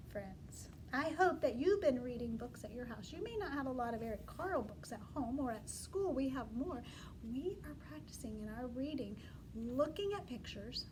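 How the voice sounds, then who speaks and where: A woman teacher with a high voice reads a storybook to young children. She is animated and coaxing and keeps inviting them to say the words with her. A faint hum of the room sits behind her. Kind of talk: storybook read-aloud lesson for young children.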